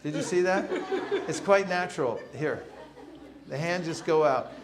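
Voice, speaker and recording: A man's voice: a little high, unhurried, a crowd in the background. A man leading a seminar for a live audience, talking playfully and acting out street encounters with a joking manner. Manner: humorous, acts out street encounters. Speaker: seminar teacher. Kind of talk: lively seminar talk. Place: temple hall with audience. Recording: roomy echoing hall.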